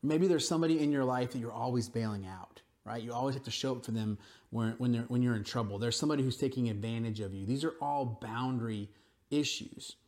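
A man preaching a sermon, telling stories in a relaxed, conversational way with frequent asides to the congregation. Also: medium pitch, fast. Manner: conversational storytelling with frequent "right?" and "you know". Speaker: pastor.

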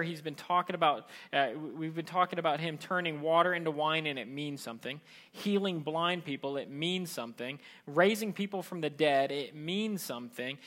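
A man preaching a sermon in a conversational, animated way, acting out the voices he quotes. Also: a little high, moderate pace. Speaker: pastor.

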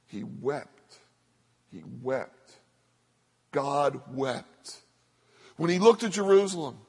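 A man preaching a sermon from the pulpit, his fairly high voice carrying a long reverb through a big hall. He speaks as an earnest pastor, often slowing down and softening to repeat short phrases for weight. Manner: earnest preaching that drops to soft slow repetitions for emphasis.

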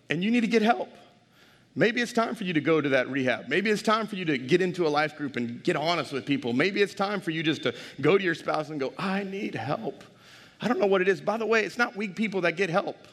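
Middle-aged male pastor, high voice, energetic sermon, long church reverb. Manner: energetic, humorous, rising to shouts. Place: large church.

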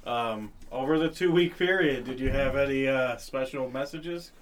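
Male host, mid pitch, easygoing, laughs a lot, drives the chat. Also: normal speed. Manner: laughs often, prompts the others. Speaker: podcast host. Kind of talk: casual chat.

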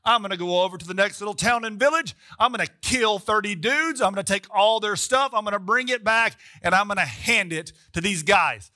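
A cocky young strongman boasts in loose, slangy talk, as a preacher puts him on. The voice sits high and rings very bright, and he swaggers through each line. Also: a little fast, few pauses, dry recording, clean studio sound. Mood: swaggering. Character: brash young strongman hero.

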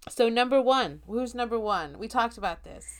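A woman's voice: a little high, lively intonation, normal speed. A young adult woman co-hosting a podcast in casual chat, chatty and laughing often, with lots of fillers. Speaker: podcast co-host.

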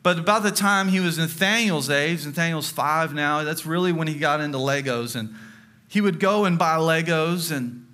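A man in his thirties preaching a sermon, telling a family story with slow, deliberate emphasis. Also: a little high, sharp tone. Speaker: pastor. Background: music.

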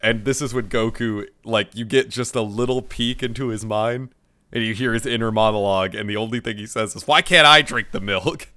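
A man chats through an anime episode recap in a relaxed podcast conversation. His voice is bright and forceful, sitting a little low. He laughs easily, swears freely and slips into quick impressions of the characters. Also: clean tone. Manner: laughs often, swears, acts out characters' lines. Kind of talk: casual chat.

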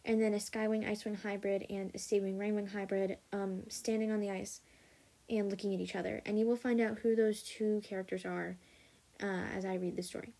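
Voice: medium pitch, flat delivery, brisk, vocal fry, dark tone. Casual podcast host reading a story. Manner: casual, with small restarts and self-corrections. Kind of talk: reading own fan fiction aloud.

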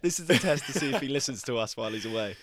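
A man's voice: medium pitch, lively intonation, very fast, fairly bright tone. A young man who acts, chatting as a podcast guest, self-mocking and laughing a lot. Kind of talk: casual podcast chat.

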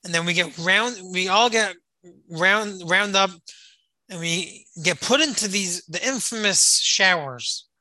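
Storyteller: very bright, sharp tone, dramatic delivery with repeated phrases, close and dry. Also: medium pitch, unhurried, no echo, poor audio. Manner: dramatic, repeats phrases for emphasis, rises and hushes. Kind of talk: emotional retold story.

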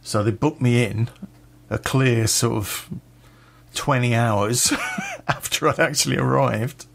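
A man's voice: mid-range voice, wildly swooping pitch, takes it slowly, creaky, slight background noise. A man telling a personal story in a blunt, sweary way, with a laugh now and then.

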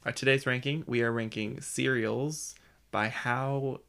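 Man, podcast co-host, mid pitch with a gravelly fry, easygoing and hesitant. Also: fairly even intonation, a little slow, fairly bright tone. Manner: easygoing, hesitant, with many fillers. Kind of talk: casual chat.

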